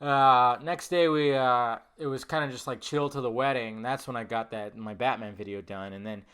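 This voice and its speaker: Bright-voiced man telling a rambling story. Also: mid-range voice, moderate pace, clear, resonant tone. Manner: rambling and animated, swears often, acts out quoted dialogue. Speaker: podcast host. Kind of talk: casual storytelling monologue.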